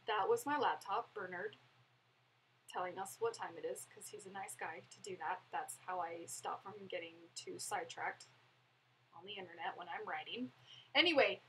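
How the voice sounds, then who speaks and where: A woman's voice: medium pitch, expressive, normal speed, a bit bright, husky, rough recording. A young woman chatting casually on a live stream, rambling and laughing as she answers viewers' questions. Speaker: vlogger answering live chat.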